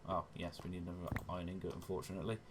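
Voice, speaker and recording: Guy with a lowish voice doing chatty gameplay commentary, keeps correcting himself. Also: level tone, racing, noisy background. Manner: chatty, self-correcting, often says "wonderful". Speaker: gaming channel host.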